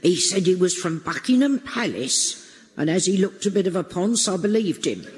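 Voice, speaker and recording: A man voicing a brash, gossipy older landlady in a radio comedy, talking fast and cheekily. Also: sits high, lively intonation, big-room sound. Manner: rapid chatty cheek.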